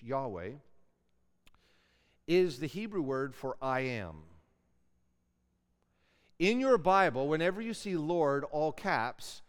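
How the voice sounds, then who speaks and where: A man's voice: medium pitch, clear, resonant tone. A man giving a classroom Bible lecture in a conversational way, putting questions to his students. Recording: long hall reverb.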